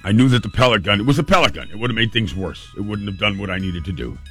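A man's voice: fairly low pitch, lively intonation, fast talker, slightly rough, faint music behind. Earnest man telling a personal story. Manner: earnest, emotional, vivid retelling.

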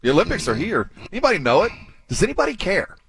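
A man's voice: sits high, wildly swooping pitch, fast talker, a bit bright, slight background noise. A man co-hosting a sports radio show, joking and teasing in casual chat.

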